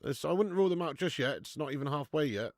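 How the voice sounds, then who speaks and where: A young man hosting a live football watch-along, chatting casually, swearing freely and answering viewers' comments out loud. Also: on the high side, fast, no room sound, studio quality. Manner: excitable, swears, reads chat comments aloud. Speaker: live-stream host.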